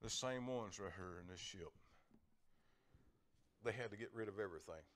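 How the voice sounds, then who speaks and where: A man's voice: on the low side, moderate pace, a bit bright. An older man, preaching a folksy lay sermon, repeating words and chuckling as he talks.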